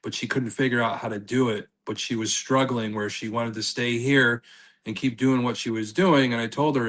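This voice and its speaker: A man in a casual podcast chat, calmly retelling an experience with a few fillers. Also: medium pitch, normal speed, rough recording. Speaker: paranormal investigator guest.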